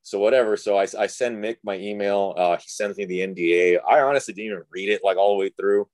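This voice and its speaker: A man's voice: on the low side, fast, no room sound. A young man from Texas, a guest telling a story in casual chat with lots of fillers, acting out the people he quotes. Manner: animated, filler-heavy, acts out quoted dialogue.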